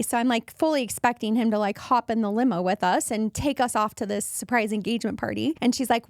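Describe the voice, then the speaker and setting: A woman in her thirties hosting a podcast, telling a personal story in a casual, animated way and acting out the voices of people she quotes. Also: quick pace, few pauses, no echo, clean studio sound. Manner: animated, acts out quoted voices with jumps in pitch. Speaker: podcast host.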